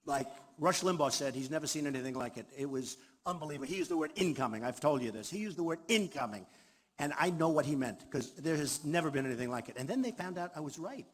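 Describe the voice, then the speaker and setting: Speaking at a quick pace, this candidate in his sixties has an expressive voice that sits on the high side. He delivers an improvised, bragging rally speech that keeps circling back on itself. The crowd fills a big hall, and the recording carries its echo and a faint background hum.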